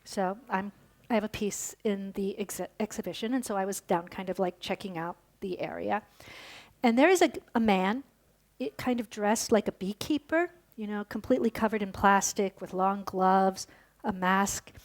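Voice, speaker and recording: A woman's voice: mid-range voice, moderate pace. A woman giving a conference lecture, telling a story and then explaining it, with fillers and restarts. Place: lecture hall.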